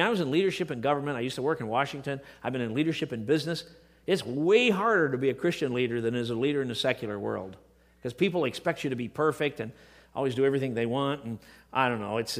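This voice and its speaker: Delivering a sermon, this middle-aged preacher speaks at a medium pitch. His delivery swings from hushed and quiet to impassioned, emotional bursts.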